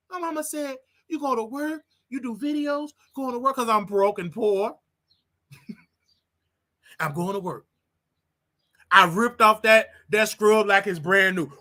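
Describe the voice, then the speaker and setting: A man with a bright, forceful voice, hosting his own livestream. He rants to his viewers in an animated, preachy, jokey way, jumping from quiet asides to loud outbursts. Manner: animated, preachy, jokey, with wild swings in pitch and volume. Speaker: host. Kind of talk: solo livestream rant.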